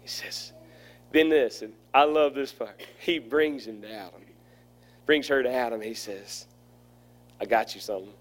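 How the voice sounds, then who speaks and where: A man's voice: mid-range voice, measured pace. A man preaching a sermon to his church, folksy and joking, acting out characters in his stories. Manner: folksy and humorous, acts out voices in stories. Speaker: pastor.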